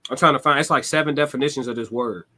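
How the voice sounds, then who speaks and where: A man's voice: medium pitch, fast talker, pushed and bright. A man streaming a casual monologue, direct and laid-back, with slangy, conversational talk.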